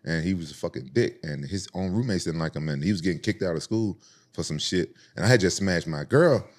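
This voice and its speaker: Low-voiced fast-talking man from Memphis. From Memphis, United States. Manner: animated, profane, acts out voices in stories. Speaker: podcast host telling stories. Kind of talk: casual storytelling.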